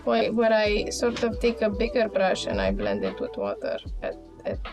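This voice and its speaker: A woman's voice: medium pitch, very animated, moderate pace. Woman, playful, joking, casual chat, music behind. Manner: playful, joking, self-deprecating. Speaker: painting host. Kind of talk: casual chat while painting.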